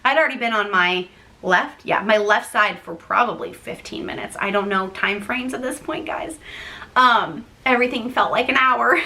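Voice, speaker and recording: A woman's voice: a little high, normal speed, bright, forceful tone. A young woman vlogger casually telling a personal story to the camera, chatty and talking straight to her viewers. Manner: chatty, addresses viewers as "guys".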